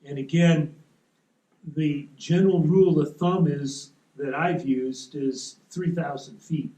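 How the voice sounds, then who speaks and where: A man giving a relaxed, practical seminar talk to a club audience, explaining with rules of thumb in a meeting room. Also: a little high, slow. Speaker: seminar presenter. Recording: echoey room.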